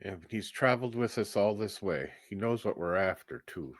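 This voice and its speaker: Male player, lowish voice, easygoing and jokey. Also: animated, normal speed. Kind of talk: casual tabletop play.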